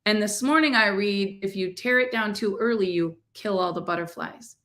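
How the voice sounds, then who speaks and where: A woman's voice: medium pitch, normal speed. A middle-aged woman and life coach, chatting casually as she retells a story and acts out the people in it. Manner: chatty, animated retelling with quoted voices.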